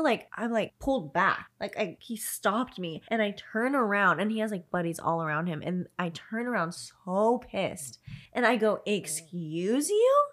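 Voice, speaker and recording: Young woman telling an animated story. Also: mid-range voice. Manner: animated storytelling, frequent swearing, acts out quotes. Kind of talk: casual chat among friends.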